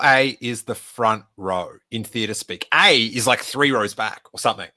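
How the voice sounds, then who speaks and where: A man's voice: lowish voice, a little slow, hardly any pauses, sharp tone. A man, hosting a live stream Q&A and telling a rambling anecdote full of fillers. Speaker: podcast host.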